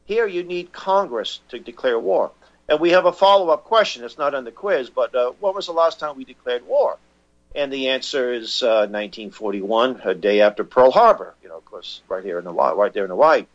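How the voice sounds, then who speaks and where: A man speaks as a radio guest, his voice coming through a dull, muffled line at a middling pitch. He rambles, stops and restarts his sentences, and fills the gaps with filler words. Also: animated, fairly quick. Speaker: guest, constitution educator. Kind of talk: phone-in radio interview.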